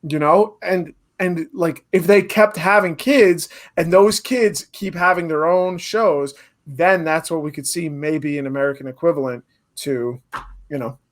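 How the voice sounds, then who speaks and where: A man's voice: a little high, measured pace. A man co-hosting a casual podcast, arguing his points emphatically and repeating phrases for stress. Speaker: podcast co-host. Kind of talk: casual chat.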